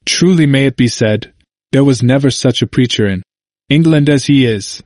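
A man's voice: medium pitch, moderate pace, a little mellow, dry recording, clean studio sound, close to an everyday voice. A man reading a zealous, ironic reformer preacher. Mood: preaching, ironic. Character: zealous male reformer preacher, sharp irony.

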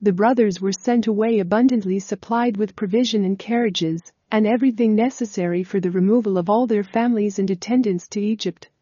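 A woman reads a Bible story in measured, formal narration. Her voice is mellow and sits at a middle pitch. The recording is dry and a little dull and lo-fi. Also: no echo.

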